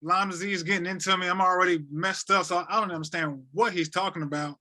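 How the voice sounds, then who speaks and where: A man in his thirties from North Carolina, talking as a podcast guest. His voice sits high and bright for a man. He tells his story in an animated way, stumbles over repeated words and acts out the lines other people said. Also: quick pace. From North Carolina, USA. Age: 30s. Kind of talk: emotional storytelling.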